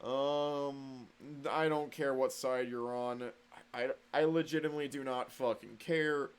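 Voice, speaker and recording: A man's voice: mid-range voice, steady tone, a little slow, clean tone. A man vlogging in a casual, rambling monologue, sardonic and full of swearing.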